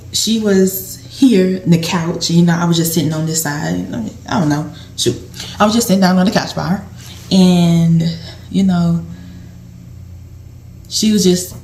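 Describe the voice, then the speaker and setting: A woman's voice: medium pitch, a little mellow, slight background noise. Woman rambling casually in an echoey room. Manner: rambling and conversational, with many fillers. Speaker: vlogger and former home health aide. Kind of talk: casual storytelling vlog. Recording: roomy echo.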